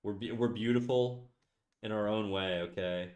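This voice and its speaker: A man's voice: fairly low pitch, normal speed, a little mellow. A man from Quebec with a Québécois French accent, chatting casually and self-mockingly on a livestream, switching between French and English. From Quebec, Canada. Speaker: livestreaming artist.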